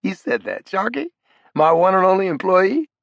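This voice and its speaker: A man voicing a brash, profane, big ex-criminal in an audiobook, loud and needling, his pitch jumping up. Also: lively intonation, moderate pace, gravelly, no echo, highs cut off, exaggerated voice. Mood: mocking. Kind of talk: audiobook character voice.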